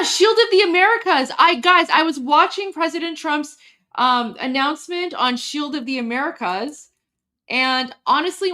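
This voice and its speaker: A woman hosts a casual live stream in a high, bright-pitched voice. She talks with open emotion and rambles, cutting herself off and starting again mid-thought. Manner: emotional, rambling, breaks off and restarts often. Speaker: livestream host.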